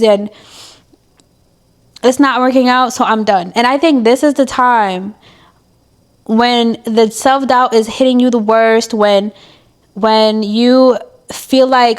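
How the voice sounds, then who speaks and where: Her pitch is fairly high as this young vlogger opens up to the camera like a diary entry. She rambles cheerfully, teases herself, and offers a heartfelt pep talk.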